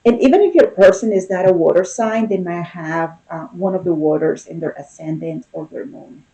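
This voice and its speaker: A woman's voice: on the low side, moderate pace, warm tone, low-quality recording. A woman giving a casual tarot reading, talking in a loose, conversational way and often checking in with "okay?" and "you know?". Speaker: tarot reader.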